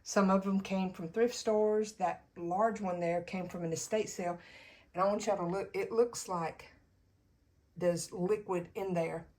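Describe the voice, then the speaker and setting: A woman's voice: mid-range voice, fairly even intonation, a little slow, darkish tone. A woman with a Southern US accent narrating a casual home decor tour in a chatty, folksy way, filming her living room while staying off camera. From Southern United States. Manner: chatty, folksy, laughs easily. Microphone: camera held while filming, speaker off-screen.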